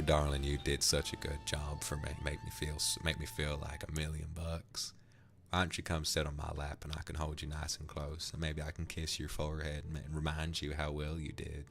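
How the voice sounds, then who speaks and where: A man voicing a flirtatious, smooth-talking cowboy with a put-on Texan accent, calling everyone darling. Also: a bass voice, little pitch movement, moderate pace, a bit bright, soft background music. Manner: drawling, sweet-talking, calls everyone darling. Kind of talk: character voice on a livestream.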